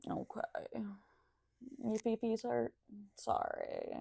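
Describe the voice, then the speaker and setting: A woman's voice: on the low side, slow pace, creaky, long pauses, dark tone, no echo. A woman talking in a casual monologue, sardonic and profane.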